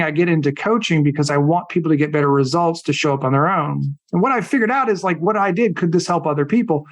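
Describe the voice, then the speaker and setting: Middle-aged male coach, casual and blunt, tells stories with energy in a slightly high voice. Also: dull audio. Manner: animated, acts out quoted people. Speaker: podcast guest, coach. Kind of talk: casual storytelling.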